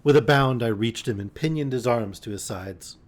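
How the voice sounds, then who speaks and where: A man reading a novel aloud as a bedtime story on a live stream, expressive, with the odd wry aside. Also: mid-range voice, normal speed.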